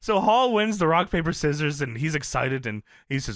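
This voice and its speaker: A man retelling a wrestling segment in casual podcast chat, laughing constantly and swearing freely. His voice is bright and leaps wildly in pitch. The recording is close and dry. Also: very animated, moderate pace, no echo. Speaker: podcast co-host. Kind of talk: casual chat recapping wrestling, doing quick impressions.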